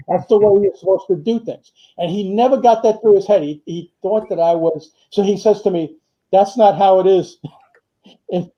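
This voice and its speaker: An older man, a retired firefighter, telling long anecdotes in a casual interview, full of fillers and quoted dialogue. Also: high voice. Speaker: retired firefighter and author, guest. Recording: muffled lo-fi audio.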